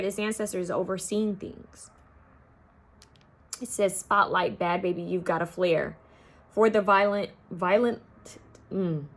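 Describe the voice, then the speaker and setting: A young woman giving an intuitive pick-a-card tarot reading, talking casually to her viewers and half-singing song lyrics as she goes. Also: medium pitch. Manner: chatty, addresses viewers as y'all, half-sings song lyrics.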